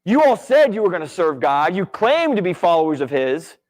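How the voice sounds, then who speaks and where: A man's voice: high-pitched, very animated, fairly quick, darkish tone. A man teaching a Bible class at church in a casual, conversational way, often checking in with "right?". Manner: conversational, many "right?" and "like" asides.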